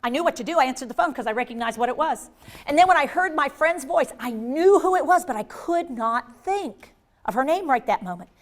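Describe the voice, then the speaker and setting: A woman giving a lively live workshop on dementia care, acting out inner voices and joking with the audience. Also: high-pitched, fairly quick. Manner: animated, acts out inner voices, jokey asides to the audience.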